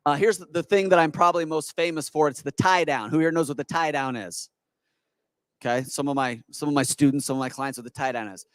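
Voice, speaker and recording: A man giving an energetic, persuasive stage talk at a business expo, quizzing the audience with rhetorical questions. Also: on the high side, a little fast, no room sound. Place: conference hall with audience.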